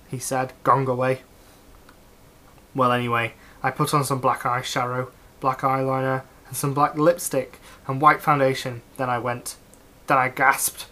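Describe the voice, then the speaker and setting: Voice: medium pitch, fairly even intonation, moderate pace, sharp tone. A reader of fan fiction giving a mock-serious comedic reading aloud, with a dry, straight-faced delivery and wry asides.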